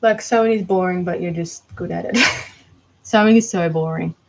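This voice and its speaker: A woman's voice: on the low side, normal speed, vocal fry, a little hiss or hum, poor audio. A woman chatting casually to viewers on a craft livestream, laughing often and trailing off mid-thought. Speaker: livestreaming doll maker. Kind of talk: casual live stream chat.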